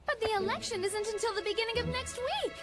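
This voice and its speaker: Nurse Joy, a high urgent cartoon nurse. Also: female voice, fast talker. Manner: urgent, pleading. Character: earnest young female nurse, protective. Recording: cartoon clip with loud music.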